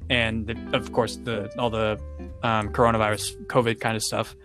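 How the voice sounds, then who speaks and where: Deadpan young man telling a story. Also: fairly low pitch, normal speed, over music. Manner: dry, deadpan storytelling with quoted dialogue. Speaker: co-host. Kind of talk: casual storytelling chat.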